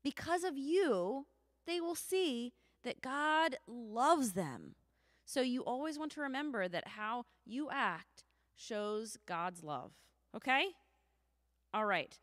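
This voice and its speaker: A woman leads a children's sermon in a church sanctuary, telling the story slowly and drawing the children in with questions. Her voice is fairly high and swoops animatedly, with a long reverb hanging in the room. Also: animated, fairly bright tone.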